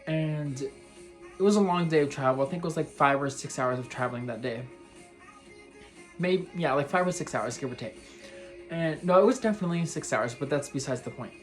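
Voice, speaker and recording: A man's voice: fairly high pitch, moderate pace, soft background music. A young man from Texas telling a personal story in a vlog, rambling and heartfelt, with lots of "like" and "you know". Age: young adult. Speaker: vlogger.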